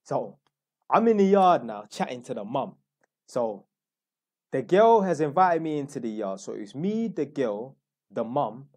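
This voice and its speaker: A man's voice: medium pitch, very animated, unhurried, a little mellow. Blunt slangy London man telling a story. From London, England. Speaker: YouTuber. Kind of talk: casual storytelling.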